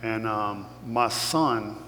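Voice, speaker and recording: A man's voice: lowish voice, drawn-out words, bright, forceful tone. Earnest man with a Kentucky accent. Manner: earnest, emotional storytelling. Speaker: guest speaker. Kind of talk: motivational talk. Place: large hall with audience. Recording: echoey hall with faint hum.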